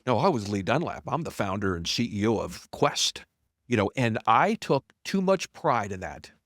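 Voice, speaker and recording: A man's voice: normal speed, no echo, studio quality. A middle-aged man, a company founder, telling his story candidly as a podcast guest, bluntly and with self-deprecating humor, acting out quoted dialogue. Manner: animated, acts out quoted dialogue with big pitch jumps.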